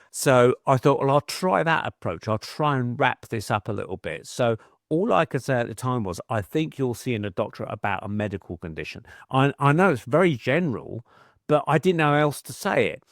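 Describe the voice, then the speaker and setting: A man's voice: medium pitch, animated, brisk, dry recording, studio quality. A middle-aged man, a podcast guest telling chatty anecdotes and acting out quoted voices. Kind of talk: casual storytelling.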